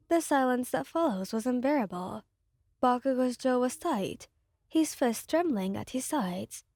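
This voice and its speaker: Soft-spoken woman narrating ASMR fan fiction. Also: on the high side, no echo, clean studio sound.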